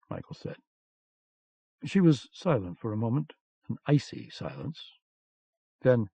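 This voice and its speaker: A man reading an audiobook in a measured, even narration, recorded on dull lo-fi cassette. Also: mid-range voice, vocal fry, slightly rough, no room sound.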